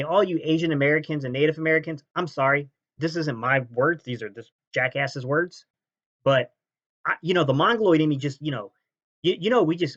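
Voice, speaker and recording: A man hosting a sports fan channel, ranting and mocking rival fans' comments, jumping between loud jabs and low sneers. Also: muffled recording. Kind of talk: fan reaction rant.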